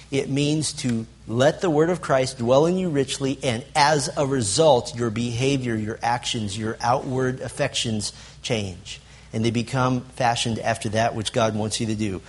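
A man's voice: mid-range voice, a little slow, slightly rough. A man teaching a Bible lesson to a group, stressing lists and asking the room questions. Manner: asks the audience questions, emphatic lists.

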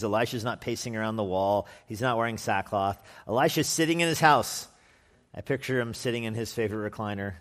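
A male pastor preaching a sermon in a conversational, animated way, acting out the people in the story. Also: medium pitch, long reverb tail.

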